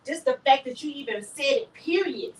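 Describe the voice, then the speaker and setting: A woman's voice: sits high, expressive, moderate pace. A woman co-hosting a podcast in casual chat, blunt and emphatic, leaning on the word "literally". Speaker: podcast co-host. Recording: roomy echo, distant mic, faint noise.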